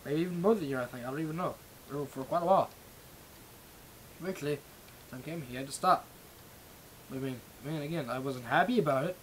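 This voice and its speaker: Young male streamer, slightly high voice, rambling profane rant, faint hiss on the recording. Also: brisk, long pauses, rough recording. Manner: rambling and profane, with frequent restarts. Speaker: livestream host. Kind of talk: ranting casual monologue.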